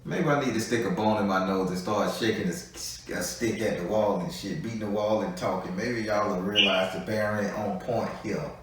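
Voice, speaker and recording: A tarot reader doing a live session speaks in a lowish, slightly bright voice at normal speed with few pauses. His talk is blunt, chatty, and heavy on swearing, captured from a distance in an echoey room.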